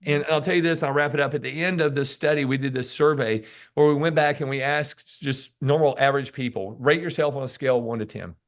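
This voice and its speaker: Gravelly, animated man telling stories. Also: medium pitch, fast talker. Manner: animated storyteller who acts out what people say; emphatic and preachy, repeats key words. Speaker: podcast guest, sales author. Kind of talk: casual interview conversation.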